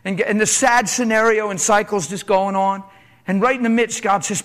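A man preaching a sermon in a church, impassioned, asking rhetorical questions and swinging between loud and hushed delivery. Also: sits high, animated, moderate pace.

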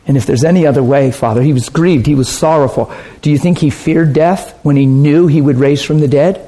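A man's voice: fairly high pitch, brisk, mellow. A man preaching a sermon in an earnest, conversational way, asking his listeners rhetorical questions.

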